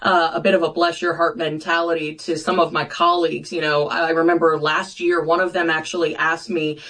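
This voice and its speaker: A woman's voice: deep voice, little pitch movement, brisk, a bit bright. A woman guest on a political talk show, a congresswoman speaking bluntly with sarcastic jabs.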